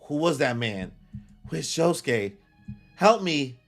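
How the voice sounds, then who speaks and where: Young man reacting loudly, lively pitch. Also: slow, vocal fry, soft background music. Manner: exclaiming, crude slang, says "bro" a lot. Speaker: manga reaction streamer. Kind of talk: live reaction commentary while reading.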